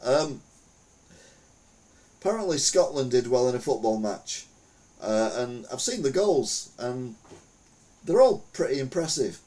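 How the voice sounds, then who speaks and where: A man's voice: mid-range voice, big pitch swings, measured pace, pauses often, dark tone. A man hosting a podcast, chatting casually through the news with rambling, wry, self-mocking jokes. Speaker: podcast host.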